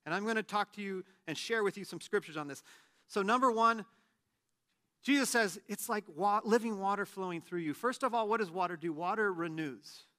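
Male pastor, late 30s, bright high voice, casual animated sermon delivery. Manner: animated, conversational, self-deprecating humor.

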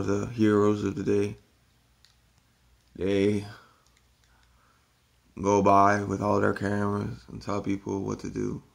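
A man tells a rambling story from his day in a gravelly, lowish voice. He talks haltingly and keeps restarting his sentences, with a swear word here and there. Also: a bit bright. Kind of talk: casual storytelling monologue.

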